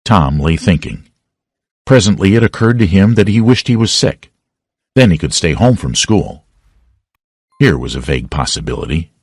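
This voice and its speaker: A man narrating a classic novel as an audiobook with expressive storytelling. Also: low voice, moderate pace, pauses often, breathy edge, dry recording, studio quality. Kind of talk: scripted narration.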